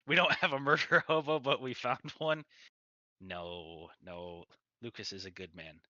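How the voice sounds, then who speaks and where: A man's voice: mid-range voice, fairly even intonation, unhurried, pushed and bright, dry recording, lo-fi sound. A man narrating a tabletop game as game master, in a rambling way full of fillers.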